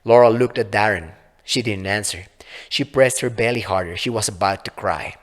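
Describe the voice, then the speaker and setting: A man reading his own short story aloud in a measured, low-key narration, with a long reverb on the recording. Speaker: author and reader.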